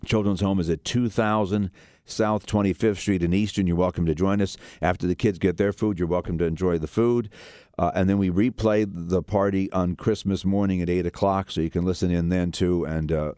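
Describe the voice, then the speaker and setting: A man's voice: low-pitched, mellow, dry recording, studio quality. A man hosting a radio talk show, speaking earnestly in a rambling way, with many restarts and fillers.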